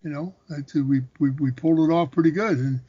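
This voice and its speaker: An older man, a former boxer turned actor, telling lively anecdotes in a casual interview, repeating phrases for emphasis. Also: fairly high pitch, brisk, slightly rough, no room sound. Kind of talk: casual storytelling. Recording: dull, dry recording.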